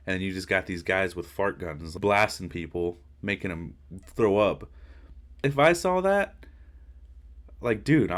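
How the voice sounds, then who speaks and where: A podcast host with a very low voice gives a laid-back reaction to a video. He rambles in slang and drifts off on tangents. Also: a bit bright. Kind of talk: casual reaction commentary.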